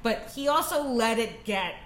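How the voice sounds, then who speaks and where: A woman steering a casual panel discussion in a quick, emphatic way. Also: a little high, lively intonation, crowd noise. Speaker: podcast panelist. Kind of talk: casual chat. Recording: echoey room, faint background noise.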